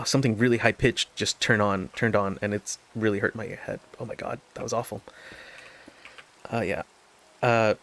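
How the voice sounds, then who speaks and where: A man's voice: fairly low pitch, a bit bright. A man telling a story while playing a game, rambling with many fillers and nervous laughs. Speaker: gaming video host. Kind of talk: casual gameplay commentary with storytelling.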